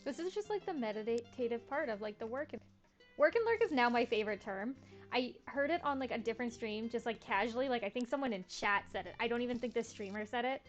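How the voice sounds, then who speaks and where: A woman's voice: on the high side, fast talker, muffled recording, faint music behind. A young woman streaming a farming game, chatting in a laid-back, slangy, self-mocking way. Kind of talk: casual gameplay commentary.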